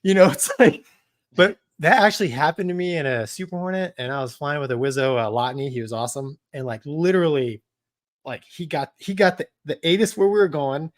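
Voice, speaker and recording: A man's voice: fairly high pitch, fairly quick. A middle-aged man co-hosting a podcast, telling a flying story with frequent laughs. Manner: laughs often, chatty and self-amused. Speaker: podcast co-host, former navy pilot. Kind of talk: casual chat.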